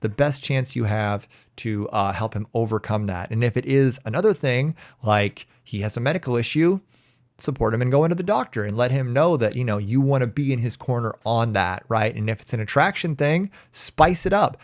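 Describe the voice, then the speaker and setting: Male coach, mid-pitched and dry-sounding, hosting a loose live Q&A and doubling back on his phrases. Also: expressive, normal speed, no echo. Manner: casual, repetitive restarts, laughs easily. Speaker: relationship coach. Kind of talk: live-stream Q&A.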